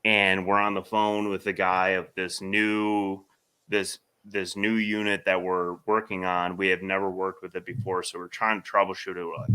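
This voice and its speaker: Bright-voiced man telling a story. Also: low voice, moderate pace, clear, resonant tone. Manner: animated storyteller, swears freely, laughs through the story. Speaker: podcast co-host. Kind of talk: casual storytelling chat.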